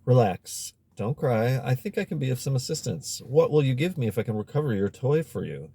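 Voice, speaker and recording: Casual: guy doing a throaty little frog, wheedling n sly, dark mellow voice. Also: mid-range voice, expressive, brisk, vocal fry, breathy edge, no room sound. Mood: coaxing. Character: throaty talking male frog, sly bargainer.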